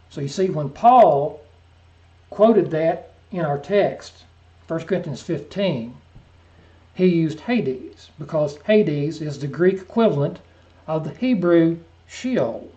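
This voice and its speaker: A man teaching a verse-by-verse Bible lesson, reading scripture slowly and deliberately, then dropping into quiet, offhand asides. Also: on the high side, animated. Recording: muffled lo-fi recording.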